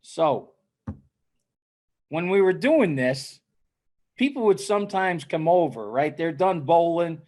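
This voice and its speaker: A man co-hosting a casual chat, telling an animated story and often tagging his lines with "right?". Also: a little high, slow, pauses often. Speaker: co-host.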